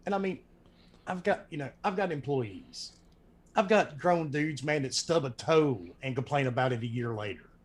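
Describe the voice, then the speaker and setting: Man, Southern US accent, podcast host, casual rambling storytelling, a bit high-pitched. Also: moderate pace. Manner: relaxed, rambling, repeats himself.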